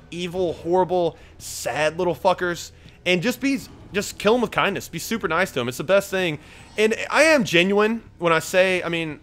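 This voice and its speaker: A man's voice: a little high, fairly bright tone. A young man giving rambling, casual commentary over his own card-game play, swearing freely and jumping between topics. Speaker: gaming video creator.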